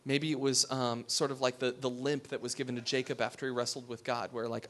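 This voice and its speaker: A pastor giving a sermon. He talks in a conversational way, asks his listeners questions and drops to a hush for emphasis. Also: mid-range voice, flat delivery, brisk, hardly any pauses.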